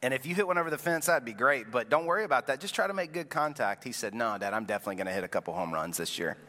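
A man's voice: mid-range voice, animated, racing, sharp tone. A man in his thirties preaching a sermon as a pastor, telling a family story in a loose, self-deprecating way. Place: church sanctuary. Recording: long reverb from a large room.

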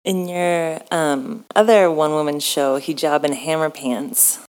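A woman interviewing a guest, asking measured questions with a few hesitant ums. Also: low-pitched, fairly even intonation, a little mellow, rough recording.

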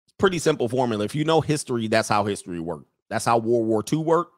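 A man hosting a livestream, ranting to his viewers in a casual, animated way and laughing often. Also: mid-range voice, fast talker, no echo, studio quality. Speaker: livestream host.

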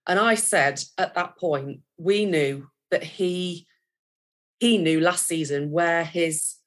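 Lower-pitched woman, enthusiastic rambling podcast guest. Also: takes it slowly. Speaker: podcast co-host. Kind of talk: casual football podcast chat.

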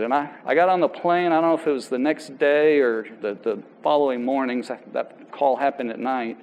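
A man preaching to his church in a loose, talky way, stopping and restarting his phrases as he tells a story. His pitch sits in an ordinary middle range. A faint hum of noise runs under the recording. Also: darkish tone, low-quality recording. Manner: conversational, halting restarts, quotes people aloud. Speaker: pastor. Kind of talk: sermon with personal story.

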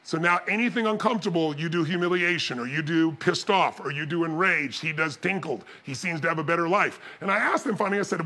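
A man giving a motivational seminar talk, telling stories with animated energy and bursts of shouting. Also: a little high, quick pace, few pauses. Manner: animated storytelling, shouting and mimicking others. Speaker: motivational speaker.

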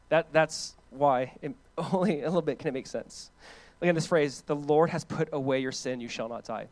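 A man, a pastor preaching a conversational, animated sermon that swings between loud emphasis and quiet, hushed lines. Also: a little high, moderate pace, no echo.

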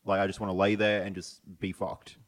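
Hesitant deep-voiced man guest. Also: little pitch movement, a little fast, slight background noise. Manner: hesitant, full of fillers and restarts. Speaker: podcast guest. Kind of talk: casual chat.

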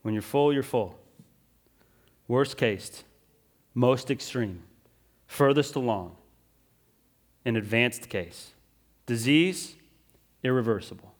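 A male pastor preaching a sermon, moving between urgent emphasis and quiet, drawn-out phrases, often checking in with listeners. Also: mid-range voice. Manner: swings from loud and urgent to hushed and slow, with frequent "right?" asides.

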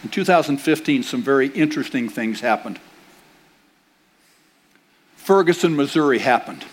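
A man's voice: mid-range voice, expressive, moderate pace. An older man, a grandfather, preaching a sermon as pastor in a conversational way, with rhetorical questions and playful asides. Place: church sanctuary.

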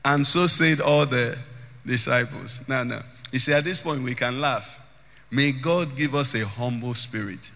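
A man's voice: mid-range voice, a little slow, creaky, bright, forceful tone. A man preaching a sermon as pastor, emphatic, often lifting phrases into a sung tone and repeating words as he builds. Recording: long hall reverb.

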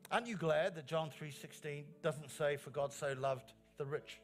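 A male pastor preaches in a church with an earnest, emphatic delivery, repeating key phrases and lifting his voice on the strong lines. His voice sits a little higher than most men's. Quiet instrumental music plays underneath. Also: moderate pace. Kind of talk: sermon.

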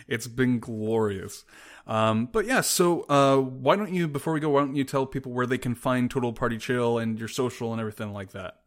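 A man's voice: medium pitch, moderate pace. A man hosting a podcast, chatting with his guest in a friendly and easily amused way. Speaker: podcast host. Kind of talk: casual podcast chat.

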